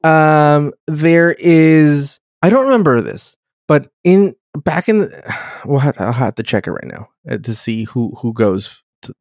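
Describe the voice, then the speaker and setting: A man co-hosting a casual podcast, recapping a TV episode in a profane, animated way and acting out the characters. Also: on the high side, measured pace, no room sound, studio quality. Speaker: podcast co-host.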